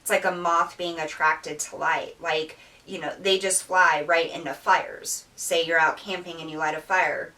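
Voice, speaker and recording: A woman's voice: sits low, steady tone, unhurried, hardly any pauses, bright, forceful tone, far from the mic, poor audio. A woman giving an earnest, emotional tarot reading, with many fillers and restarts and near tears. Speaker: tarot reader. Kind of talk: spiritual tarot reading monologue.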